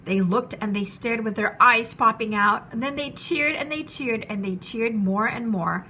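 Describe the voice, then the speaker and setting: A woman teacher reading a children's storybook aloud with animated, rhythmic rhyming narration. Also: fairly high pitch, normal speed, husky.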